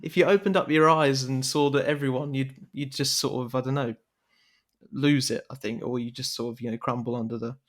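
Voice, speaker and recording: A man in his twenties being interviewed on a podcast, speaking modestly and haltingly. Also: medium pitch, steady tone. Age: 20s. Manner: modest and halting, with many fillers and restarts. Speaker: interview guest. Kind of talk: conversational interview.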